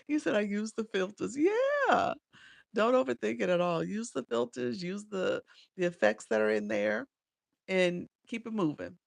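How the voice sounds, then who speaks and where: A woman's voice: medium pitch, sing-song, a little slow, vocal fry, dry recording. A middle-aged woman coaching creators in a casual live stream, chatty and laughing often as she reads viewer comments aloud.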